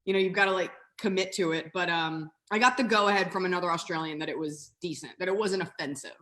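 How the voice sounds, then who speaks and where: A woman in her thirties, a comedian guest on a video call, talking in a casual, animated, self-mocking way with quick asides. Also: lowish voice. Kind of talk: casual interview chat.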